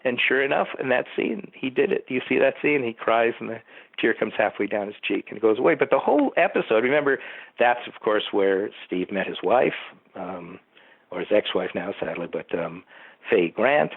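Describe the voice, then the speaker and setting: Older man, rambling anecdotes, slightly low and husky voice, tinny phone-line sound, dry with no room echo. He tells long stories and acts out quotes as he goes. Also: expressive, moderate pace. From Southern California. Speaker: producer and writer, interview guest. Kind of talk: casual anecdotal interview.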